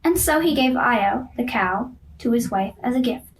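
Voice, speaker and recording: A woman narrates a myth for a class play in a steady, clear storytelling voice. Her voice sits fairly high. A faint hiss of noise runs under the recording. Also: normal speed, recorded from a distance, low-quality recording.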